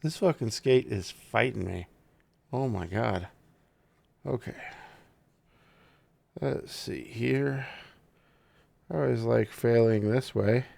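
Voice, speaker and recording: A man's voice: mid-range voice, slow pace, gravelly, pauses often, no echo. A man chatting loosely and profanely as he unboxes and reviews a gaming mouse, joking with his viewers. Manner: profane, excitable, jokey talk to the viewers. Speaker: tech reviewer. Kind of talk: casual unboxing commentary.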